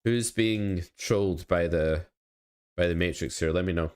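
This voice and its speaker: A man's voice: deep voice, a little slow, darkish tone, smooth. A man, coaching poker live and chatting casually with his viewers, often second-guessing his own plays. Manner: chatty, self-critical, talks to chat. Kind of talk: casual live-stream commentary.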